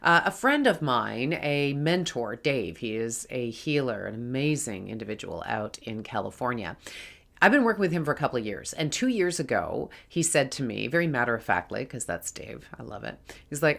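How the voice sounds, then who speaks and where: A woman's voice: a bass voice, sing-song, moderate pace, creaky, fairly bright tone. A woman talking earnestly to her viewers in a casual spiritual vlog, reassuring them and calling them her friends. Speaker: spiritual vlogger. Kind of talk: casual spiritual talk to camera.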